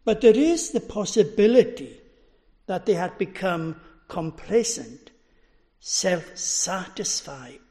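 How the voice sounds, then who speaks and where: A man preaching a sermon in a measured way, letting his voice fall at the end of phrases. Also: very animated, darkish tone. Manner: slow, measured delivery, dropping low at phrase ends.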